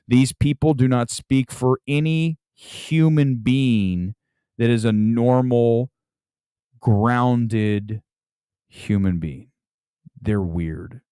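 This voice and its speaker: A man's voice: mid-range voice, very slow, warm tone, clear, resonant tone, no room sound. A man hosting a movie talk live stream, chatting casually and rambling with frequent restarts. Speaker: movie talk show host.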